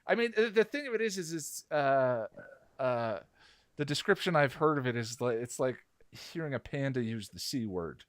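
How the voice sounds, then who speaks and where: A man hosting a casual panel discussion, animated and halting, with frequent restarts. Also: mid-range voice, clean tone, no echo. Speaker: podcast host.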